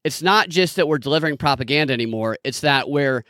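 A talkative, earnest man in casual podcast chat, with a fairly high voice that jumps up when he gets animated. The recording is dry and close, with no room sound. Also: quick pace, dry recording. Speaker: podcast co-host.

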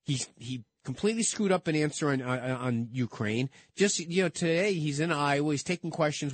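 A man co-hosts a political talk show and argues in quick bursts that keep doubling back. He repeats words and restarts his sentences. The sound is dry and close, with no room around him. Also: on the high side, no echo. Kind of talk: casual political debate chat.

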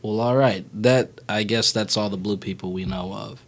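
A man's voice: lowish voice, steady tone, normal speed. A man co-hosting a podcast, rambling playfully as he retells a movie plot. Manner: rambling, playful, retells plots with put-on voices. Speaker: podcast co-host. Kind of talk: casual podcast chat.

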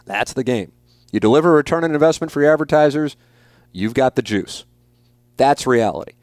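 A man's voice: a little high, animated, brisk, a little mellow, dry recording, clean studio sound. Blunt, profane man in his forties. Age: 40s. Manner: blunt, profane and emphatic, with frequent repeats. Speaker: podcast host. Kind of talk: casual podcast chat answering listener questions.

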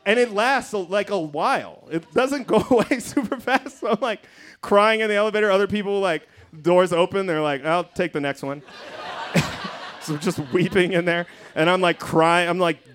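A man from Denver, Colorado, telling a comic story on stage at a live show, animated and profane, acting out his own panic. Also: high-pitched, normal speed. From Denver, Colorado, USA. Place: theater stage before a live audience.

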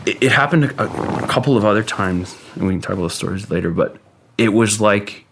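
Brief: man with a very low voice, casual guest storyteller, rambling and halting, swears freely. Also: gravelly, fairly bright tone, slight background noise.

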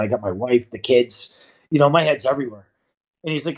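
A man's voice: mid-range voice, a little fast, low-quality recording. A man in his forties from Canada, a former pro hockey player telling stories in an interview, full of "you know" and acted-out dialogue. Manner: animated, acts out quoted dialogue, frequent "you know". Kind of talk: casual storytelling interview.

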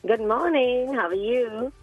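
A man with an Indian accent calling a radio show, chatty and quick to laugh. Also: very high voice, soft background music. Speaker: caller. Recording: phone line.

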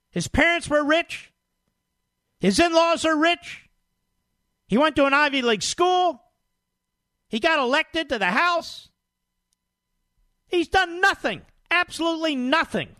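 High-pitched, scornful male radio host. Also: big pitch swings, sharp tone, no echo, studio quality. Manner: indignant, scornful, rapid-fire. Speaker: radio talk show host. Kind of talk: combative talk radio commentary.

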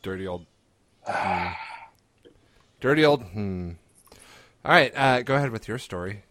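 A man's voice: lowish voice, lively intonation, unhurried, a bit bright, no echo. A man co-hosting a podcast, tossing in jokes during casual chat. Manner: joking interjections. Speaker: podcast co-host.

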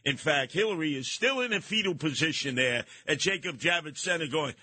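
A man hosting a talk radio show, delivering a brash, mocking monologue with frequent shouting and a New York accent. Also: a little high, expressive, brisk.

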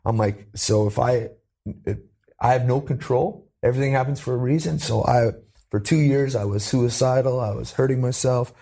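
A man from Canada telling his life story as an interview guest, earnest and animated, lifting his voice when he quotes people. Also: moderate pace, gravelly, husky. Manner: earnest, acts out quoted voices with rising pitch.

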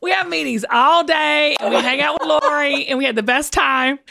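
A woman's voice: sits high, normal speed, gravelly, a little hiss or hum. A woman with a Southern US accent, hosting a casual chat and telling stories with lots of laughter. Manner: laughing, animated storyteller. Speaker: host.

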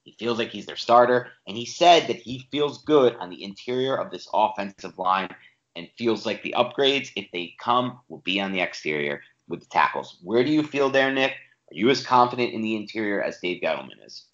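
A man's voice: lowish voice, normal speed. Emphatic man in a roomy, dull-sounding room. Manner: animated, emphatic, with frequent restarts. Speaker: podcast co-host. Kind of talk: casual sports podcast talk. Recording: roomy, slightly dull home podcast audio.

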